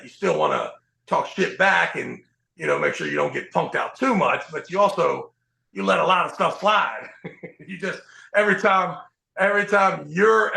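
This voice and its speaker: A man hosting a podcast, telling profane, animated stories in casual chat. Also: on the high side, creaky, roomy sound, poor audio. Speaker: podcast host.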